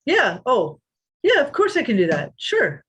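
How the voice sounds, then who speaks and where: A blunt, teasing stunt coordinator, put on by a woman retelling a story. He talks in short, clipped orders and jokes at her expense, pitched somewhat above her normal speaking voice. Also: wildly swooping pitch, measured pace, fairly bright tone, husky, exaggerated voice. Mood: gruff, teasing. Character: brusque male stunt coordinator, blunt and joking.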